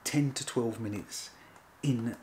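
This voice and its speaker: A man's voice: mid-range voice, slow pace, a little mellow, slight background noise. A man hosting a casual food review from his home kitchen, talking in a chatty, rambling, playful way. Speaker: food reviewer, channel host. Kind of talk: casual vlog chat.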